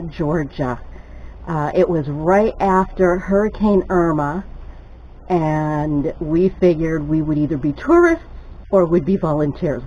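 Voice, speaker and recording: An older woman telling a lively story while she cooks at home, chatty and laughing often. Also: fairly low pitch, highs cut off, a little hiss or hum. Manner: chatty, laughs often, gets excited retelling stories. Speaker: cooking vlogger. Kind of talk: casual storytelling while cooking.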